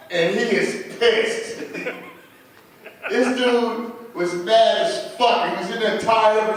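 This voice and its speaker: A man's voice: high voice, recorded from a distance. Profane fifty-year-old man in echoey bar. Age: 50s. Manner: loose, profane, laughs at his own jokes. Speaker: open mic comedian. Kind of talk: stand-up storytelling. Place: small bar at an open mic night.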